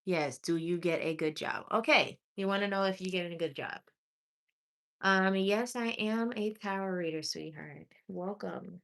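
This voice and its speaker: A woman gives one-card tarot readings on a livestream. She talks casually and affectionately, reading viewers' names and questions aloud while scrolling. Her delivery is loose, with pauses and small restarts. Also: fairly low pitch, gravelly, fairly bright tone. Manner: chatty and affectionate, calls viewers honey and sweetie. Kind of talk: live tarot reading, answering chat.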